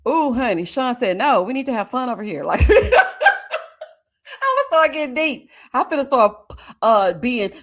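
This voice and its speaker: A lively woman hosts a casual live stream, talking straight to her viewers as she reads their comments aloud. Her voice sits a little high and swings widely in pitch. She laughs often and hums long murmurs of agreement. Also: normal speed. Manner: chatty, talks straight to viewers.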